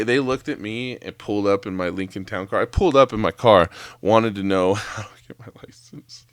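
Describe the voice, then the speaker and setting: A man's voice: fairly low pitch, clean tone, no echo. Profane rambling man with a dry voice. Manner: profane, rambling, lots of fillers. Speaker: podcast host; former chef. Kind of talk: solo rant podcast.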